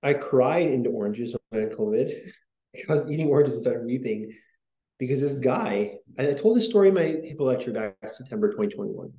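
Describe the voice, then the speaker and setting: Man, casual podcast host, rambling, restarts often, mellow dark tone, echoey room. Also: medium pitch, animated, a little fast, lo-fi sound. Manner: rambling, self-interrupting, many fillers.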